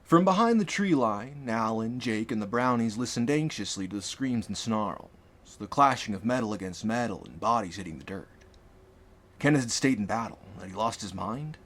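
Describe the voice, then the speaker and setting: A man reading a fantasy audiobook aloud in an expressive, dramatic manner. His pitch rises and falls a great deal, giving the narration strong shape. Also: moderate pace. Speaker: author and narrator.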